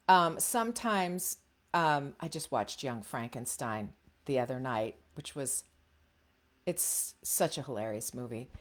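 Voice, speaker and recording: A middle-aged woman coaching voice actors in a casual, frank teaching talk, chatty with many fillers and restarts. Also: on the low side.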